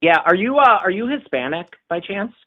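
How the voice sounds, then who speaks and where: A man's voice: high voice, big pitch swings, a little fast, phone-quality sound. A man from Minnesota arguing dismissively with a host, repeating his questions over and over. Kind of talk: argumentative debate.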